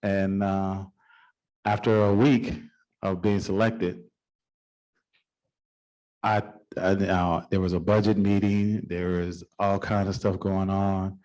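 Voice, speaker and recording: A man's voice: low-pitched, flat delivery, slow pace, long pauses, darkish tone. A middle-aged man, a city council member, telling a folksy, informal story at a council meeting. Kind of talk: anecdotal storytelling at a public meeting.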